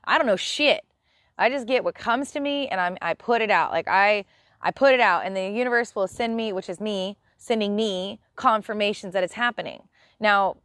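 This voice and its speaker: A woman's voice: medium pitch, a bit bright, no room sound, studio quality. Blunt, profane woman streamer. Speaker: live stream host. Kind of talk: casual spiritual rant.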